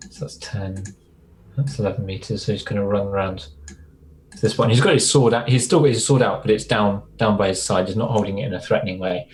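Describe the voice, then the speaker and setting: Man, player, lowish voice, loud, away from mic, faint hiss. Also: a little fast. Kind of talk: casual tabletop play.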